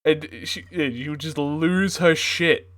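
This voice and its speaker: A man's voice: fairly high pitch, a little slow, fairly bright tone, no echo. A man streaming from home who chats casually and laughs at his own jokes, with a non-American English accent, into a streaming mic. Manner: laughing, chatty, self-amused. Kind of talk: casual chat.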